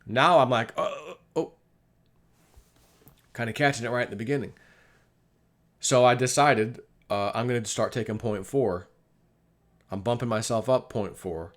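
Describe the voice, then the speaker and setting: Middle-aged male vlogger, loose confessional monologue, mid pitch, acts out dialogue. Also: normal speed. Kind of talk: casual personal monologue.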